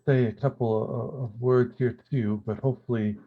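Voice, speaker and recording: A man talks haltingly, restarting his sentences as he works. His voice is thin and phone-like, coming through a narrow-band video call connection. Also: mid-range voice, steady tone, slight background noise. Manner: hesitant, halting. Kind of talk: casual chat.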